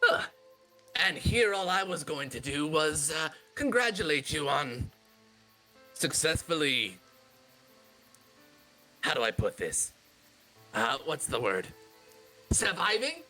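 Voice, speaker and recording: A man puts on a small, smug blue kobold from a tabletop game, sly and mock-polite, pausing as if to hunt for each word. The voice sits a little higher than an ordinary man's and comes out bright and forceful. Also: sing-song, soft background music, heavily acted.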